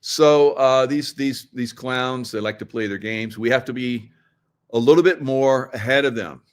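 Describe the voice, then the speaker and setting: A man's voice: mid-range voice, normal speed, clear, resonant tone. A middle-aged man with a mid-range voice hosts a loose livestream monologue. He leans conspiratorial and keeps firing questions at his audience, and he chuckles at his own asides as he goes. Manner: conspiratorial, joking asides, laughs at own lines; talks straight to viewers, asks them questions. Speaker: show host.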